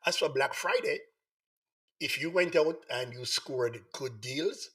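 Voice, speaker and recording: A man hosting a live online talk show, hoarse from the flu, repeatedly coaxing viewers to join in. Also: medium pitch, slow, a bit bright. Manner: repetitive, coaxing appeals to viewers. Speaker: host.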